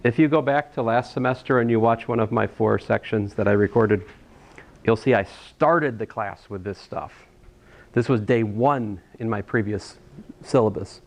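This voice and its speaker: A fairly low-pitched man speaks at a moderate pace while teaching a college algebra class. He's a math instructor whose lecture is relaxed and meandering, full of restarts and joking asides.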